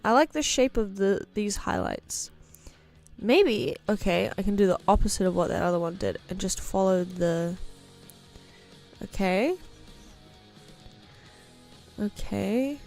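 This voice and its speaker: Slow, musing woman streamer. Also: medium pitch, lively intonation, gravelly, a little mellow, soft background music. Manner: muses aloud, playfully repeats words. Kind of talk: casual livestream chat while drawing.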